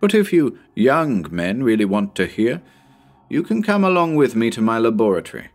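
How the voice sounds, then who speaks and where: A man voicing a cranky elderly male professor with a squeaky voice and a severe, scornful manner. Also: normal speed. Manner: severe, contemptuous, excitable.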